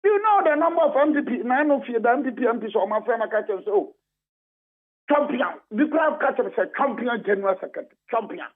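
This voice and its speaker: A man's voice: very high-pitched, expressive, fast, few pauses. A Ghanaian man, a party official, speaking emphatically and repetitively as a radio guest, switching between English and Twi. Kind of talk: heated radio phone-in talk. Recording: phone-line audio.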